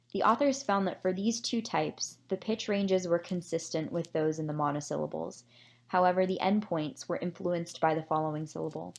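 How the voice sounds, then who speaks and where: Woman with a lowish voice going over a study, measured and explaining, the odd um. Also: creaky, darkish tone. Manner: measured, explanatory, with occasional fillers. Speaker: presenter summarizing a research paper. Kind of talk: scripted academic presentation.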